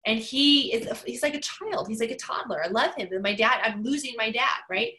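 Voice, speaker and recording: A woman's voice: fairly high pitch, normal speed, sharp tone, rough recording. A woman in her forties giving an emphatic motivational talk, driving points home by repeating key phrases. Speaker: motivational speaker.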